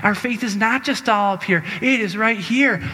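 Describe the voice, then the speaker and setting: High, bright-voiced exuberant male preacher. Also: moderate pace. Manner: exuberant, exclamatory, leads crowd chants. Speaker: Catholic preacher. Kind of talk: sermon with call-and-response. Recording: long reverb of a large hall.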